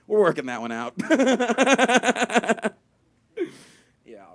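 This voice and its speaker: High-voiced self-deprecating young comedian. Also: male voice, very animated, drawn-out words, fairly bright tone. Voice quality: high, thin voice he calls dumb. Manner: self-deprecating, rambling with many fillers. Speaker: stand-up comedian. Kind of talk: stand-up comedy set. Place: comedy venue with live audience.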